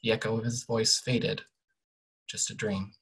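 A young adult author reads quietly from their own novel in a measured, soft way, often trailing off as sentences end. The voice is husky and mid-pitched with a level tone, captured on a low-quality recording.

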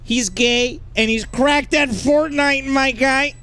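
Loud joking man with Mexican accent. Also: very high voice, fairly even intonation, slow. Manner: loud, crude, joking, yells in bursts. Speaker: gaming YouTuber. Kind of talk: comedic VR gameplay commentary.

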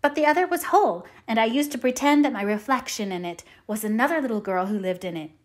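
A woman reads as a chatty young orphan girl in a storybook reading, full of eager daydreams. Her sentences run on breathlessly and lift with rapture. The voice sits a little higher than the narration around it. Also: lively intonation, fast talker, lightly acted. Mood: eager, dreamy. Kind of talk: audiobook character reading.

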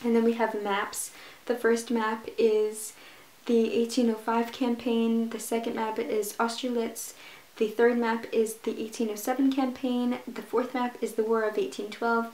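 A book vlogger with a somewhat high, slightly mellow voice gushes casually about a book she's starting, full of restarts and fillers. The audio is poor, with a roomy sound.

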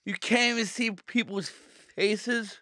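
A man's voice: high voice, fairly even intonation, slow, bright, forceful tone, no echo. A Canadian man, a comedy podcast guest, giving short, dry, joking answers in a studio. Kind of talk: casual comedy podcast chat.

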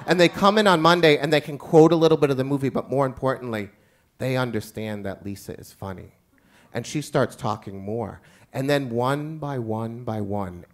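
A man's voice: medium pitch, a little hiss or hum. A man who is a teacher tells a wry, self-mocking personal story live on stage.

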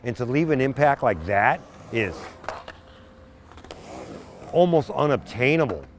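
Man, lively rising and falling voice, emphatic, heartfelt. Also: medium pitch, unhurried. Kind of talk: documentary interview.

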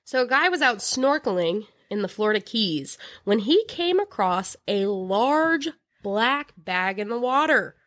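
A woman co-hosting a casual true-crime podcast, telling stories in an animated, giggly way. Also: fairly high pitch, a little slow. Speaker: podcast co-host.

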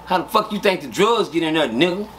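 Animated Texas man telling prison stories. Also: on the high side, fast talker, slight background noise. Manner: animated, profane street storytelling, acts out scenes with sound effects. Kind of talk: casual storytelling interview.

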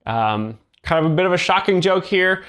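A man giving slow, halting, deadpan commentary that explains jokes literally. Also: high voice, clean tone. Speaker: joke explainer.

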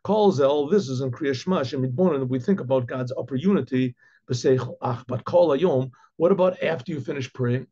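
A man, a rabbi giving a Torah class, translating Hebrew lines and explaining them, with frequent restarts and throat-clearing. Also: mid-range voice, a little fast, mellow. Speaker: rabbi teaching Chassidic text. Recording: dull lo-fi recording.

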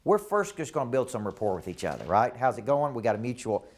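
A man's voice: medium pitch, big pitch swings, fast, a little mellow. A man with a Southern US accent teaching a live coaching seminar, emphatic and repetitive, often checking that the room follows him. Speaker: business coach.

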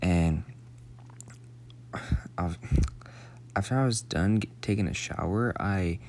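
A man's voice: sits low, slow pace, darkish tone, slight background noise. A young man in his late teens telling a rambling, profane story in a casual, slangy way, sometimes dropping to a whisper.

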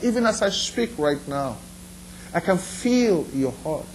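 A man's voice: fairly high pitch, big pitch swings, slow, darkish tone, a little hiss or hum, rough recording. A man pastor preaching a sermon in an earnest, repetitive style, putting direct questions to his listeners.

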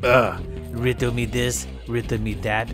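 A man voicing a boastful male caveman villain in a slow, menacing put-on voice with broken English, over game audio. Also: mid-range voice, level tone, music in the background, close to an everyday voice. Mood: gloating. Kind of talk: playful voice acting over gameplay.

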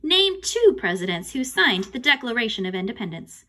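A woman voicing an excitable grown man hosting a school quiz, announcing in a bouncy way. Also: on the high side, normal speed, heavily acted. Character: excitable adult male quiz host.

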